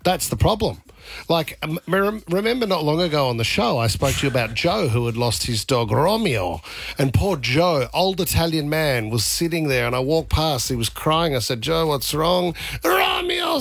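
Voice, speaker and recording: A man's voice: a little high, moderate pace, creaky, no echo. An Australian man co-hosting a radio show, teasing and telling stories with energy. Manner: animated storyteller, teasing. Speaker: radio host. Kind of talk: casual radio banter.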